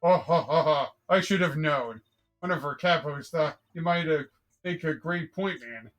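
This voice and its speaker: A streamer voicing an older female mob matriarch from a game, proud and gloating, with a low, theatrical cackle in the delivery, read aloud on a live stream. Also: normal speed, fairly bright tone, faint music behind, lightly acted.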